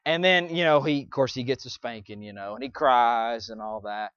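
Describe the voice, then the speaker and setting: A middle-aged man, a pastor, preaching in a conversational way, often restarting and swinging between quiet, soft passages and loud, emphatic ones. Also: mid-range voice, normal speed, few pauses, clean tone, no room sound, muffled recording. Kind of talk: sermon.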